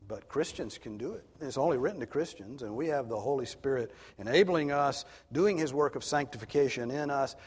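A man's voice: medium pitch, husky. A man preaching an expository sermon as pastor, teaching in an earnest, emphatic way. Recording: long reverb of a hall.

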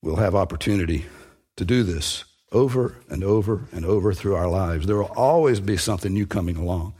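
A man's voice: low-pitched, brisk, mellow, husky. A man preaching a sermon, earnest and emphatic, building on repeated phrases.

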